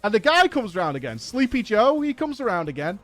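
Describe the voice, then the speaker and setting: A gaming streamer with a high voice tells a story with lively, swearing exasperation. His voice sounds close and dry, with faint music underneath. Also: fairly quick, no room sound. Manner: animated, profane, exasperated storytelling. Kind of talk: casual anecdote on a live stream.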